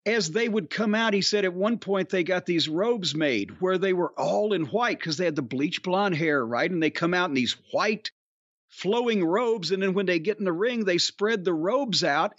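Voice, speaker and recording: A man's voice: high-pitched, dry recording, dull audio. A man, a former pro wrestler, telling rambling, profane stories in casual chat. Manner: rambling, profane, animated storytelling.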